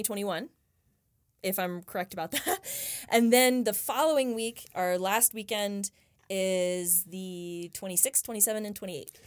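A woman's voice: medium pitch, dry recording, studio quality. A woman stage actor chatting as a podcast guest, giggly and a little hesitant when put on the spot. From Northern Nevada, United States. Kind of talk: casual interview chat.

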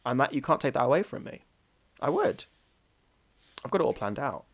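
A man from North East England co-hosts a comedy podcast, cracking crude jokes and giggling through them. His voice sits at an ordinary middle pitch. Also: very animated, a little fast. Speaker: podcast co-host. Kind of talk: casual comedic chat.

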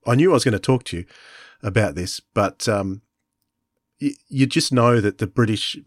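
A man's voice: on the low side, lively intonation, moderate pace, no echo, studio quality. A man, co-hosting an interview, enthusiastic and reassuring, stumbling a little over his words. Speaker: podcast co-host. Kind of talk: conversational interview.

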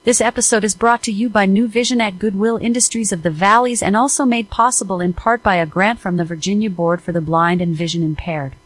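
Female co-host, mid pitch, formal announcer read of credits, playfully official. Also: poor audio. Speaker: podcast co-host reading credits.

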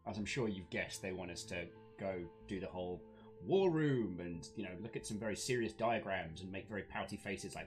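A man's voice: deep voice, fairly quick, soft background music. A man playing in a tabletop game, friendly, coaxing and playful in character. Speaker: player. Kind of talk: in-character play.

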